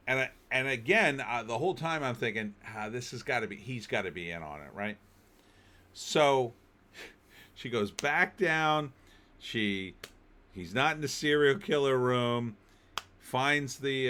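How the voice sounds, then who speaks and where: A man's voice: medium pitch, bright, forceful tone. A man giving a casual spoken film review, recapping the plot with wry disbelief.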